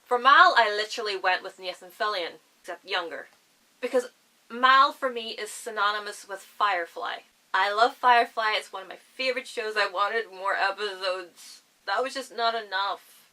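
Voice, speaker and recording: Woman, Northern Irish accent, bright clear tone, chatty and rambling, casual vlog talk. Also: mid-range voice, moderate pace, rough recording. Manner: chatty, enthusiastic, rambling with asides. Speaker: book vlogger. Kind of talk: casual chat to camera.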